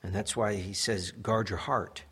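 A man's voice: on the low side, steady tone, measured pace, bright, forceful tone, slightly rough. A young adult man, a pastor, preaching a sermon in an earnest way that builds to emphatic peaks.

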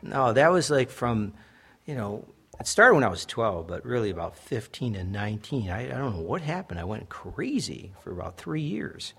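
A man's voice: medium pitch, sing-song, normal speed, vocal fry, a bit bright, breathy edge. A young adult man, a pastor, preaching a sermon in an earnest way that builds to emphatic peaks.

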